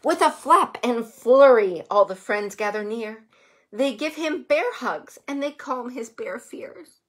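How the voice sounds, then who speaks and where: A woman reading a children's picture book aloud in an unhurried, gentle way. Her voice sits a little high and swoops up and down with lots of expression. She pauses to chat with the young listeners about the pictures. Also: sing-song. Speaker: children's story reader.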